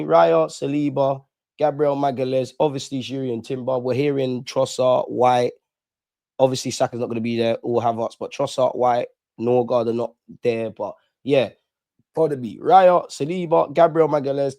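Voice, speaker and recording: A man's voice: mid-range voice, darkish tone, no echo, clean studio sound. A young man, chatting casually and animatedly on a live fan stream, full of slang. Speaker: fan channel host.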